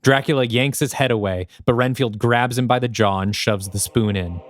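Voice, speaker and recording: A man co-hosting a podcast, reading aloud a screenplay he wrote in steady, descriptive narration. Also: medium pitch, moderate pace. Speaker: podcast co-host.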